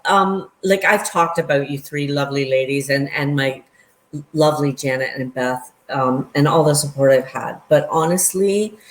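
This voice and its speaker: Earnest low-voiced woman in an echoey room. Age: 50s. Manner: earnest and emotional, speaks of passion and gratitude. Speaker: guest. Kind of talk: casual chat.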